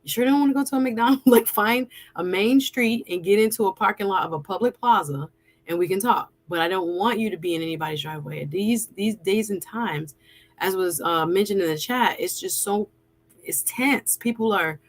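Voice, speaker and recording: A woman hosts a casual live stream, her voice sitting on the low side. She talks conversationally with a guest and reads viewer comments aloud. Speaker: host and attorney.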